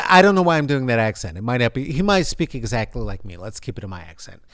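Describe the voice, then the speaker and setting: A man's voice: medium pitch, sing-song, fast talker, hardly any pauses, a bit bright, dry recording, studio quality. A man hosting a sarcastic, rambling comedic news commentary with many fillers. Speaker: vlog host.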